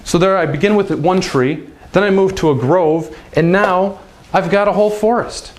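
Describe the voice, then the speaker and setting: A man's voice: high-pitched, normal speed, noisy background. A man giving a casual, upbeat language lesson, chatty and demonstrating sounds with big swings of his voice. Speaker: language teacher.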